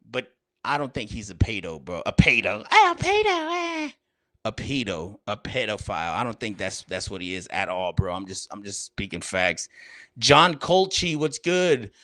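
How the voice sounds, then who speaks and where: A man's voice: on the low side, animated, normal speed, pushed and bright, no room sound. A man hosting a casual livestream, chatting in slang straight to his viewers and a little out of breath. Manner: slangy, repetitive, talks straight to chat. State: slightly out of breath. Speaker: livestream host.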